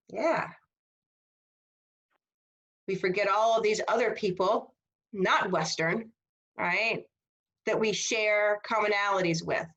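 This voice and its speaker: A woman giving a casual, animated history seminar over a video call, checking in with her students. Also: mid-range voice, lo-fi sound. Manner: animated, conversational, asks rhetorical "right?". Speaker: history instructor.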